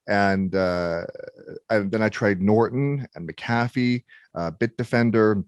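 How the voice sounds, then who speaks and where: A man's voice: fairly low pitch, a little slow, dry recording, studio quality. A man in his thirties hosting a tech podcast, talking casually with many restarts and fillers. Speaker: podcast host. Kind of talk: casual conversation.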